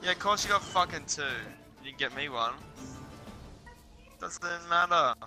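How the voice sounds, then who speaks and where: A man's voice: on the high side, lively intonation, unhurried, over music. A young man, chatting crudely and casually while gaming, swearing freely. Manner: crude, laid-back, swearing and laughing.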